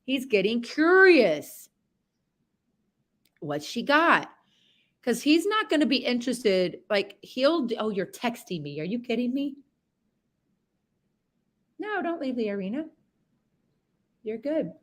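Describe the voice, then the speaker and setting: A woman's voice: on the high side, big pitch swings, unhurried, long pauses. A woman horsemanship coach talking a student through a live session over a video call, rambling, chatty and candid, with some mild swearing.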